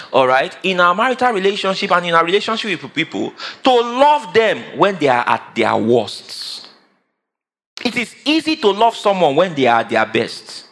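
A man's voice: mid-range voice, a bit bright. A man, preaching a sermon that prompts the congregation to call back answers and acts out the voices of whiny people. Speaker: pastor.

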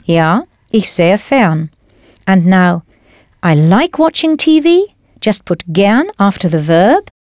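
Female instructor, patient and clear, scripted lesson narration, dry booth. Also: medium pitch, sing-song, takes it slowly, a little mellow, no echo. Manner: patient, clear, explains step by step. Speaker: language teacher.

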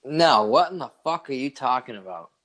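A man's voice: mid-range voice, lively intonation, moderate pace, fairly bright tone. Teasing, wisecracking man. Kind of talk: casual chat.

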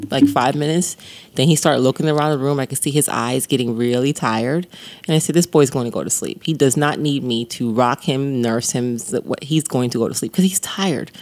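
A woman co-hosting a casual podcast with her husband, telling animated stories and laughing often. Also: extremely low pitch. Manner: animated storytelling, acts out her baby with laughs. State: sore back. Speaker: podcast co-host. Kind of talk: casual couple's podcast chat.

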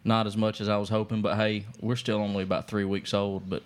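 A man's voice: on the low side, level tone, brisk. A man hosting a casual theology podcast, easygoing, reading listener reviews aloud and laughing along with his co-hosts. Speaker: podcast host. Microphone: studio microphone.

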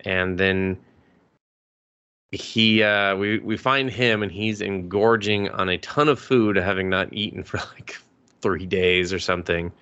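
A man's voice: sits low, steady tone, measured pace, bright, forceful tone, smooth, dull audio. A man co-hosting a podcast, casually recapping an anime episode in a rambling way, quoting the characters and chuckling now and then. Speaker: podcast co-host.

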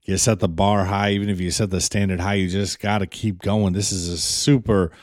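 A man's voice: deep voice, flat delivery, a little fast, dry recording, studio quality. A man co-hosting a radio show in casual chat, laid-back and rambling, swearing now and then.

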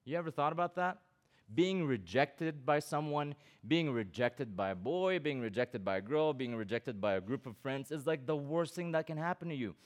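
A man's voice: on the high side, animated, normal speed. A middle-aged pastor preaching to students at a youth camp, reading scripture aloud and breaking in with his own comments and questions. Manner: asks the listeners direct questions.

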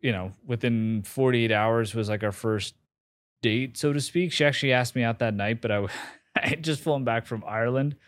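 A man's voice: medium pitch, moderate pace, dry recording. Candid man in his forties, dry close sound. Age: 40s. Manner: candid, swears freely, laughs at himself, many fillers and restarts. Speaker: interview guest. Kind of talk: casual interview storytelling.

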